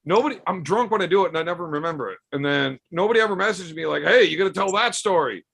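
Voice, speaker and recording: A man spins rough, profane stories in a relaxed podcast chat. His voice sits a little high and has a gravelly fry, and he slips into the voices of the people he describes. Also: fast. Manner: animated, acts out quoted voices. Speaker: podcast storyteller. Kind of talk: casual profane storytelling.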